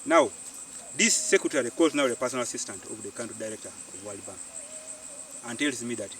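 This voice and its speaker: A man's voice: medium pitch, fairly quick, slight background noise. Ugandan guy telling his story, kinda far from the mic, faint bugs buzzing outside. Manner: animated storyteller, repeats phrases for emphasis. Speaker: farmer and community organiser. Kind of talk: storytelling interview. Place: outdoors on a farm. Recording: distant mic outdoors, faint insects.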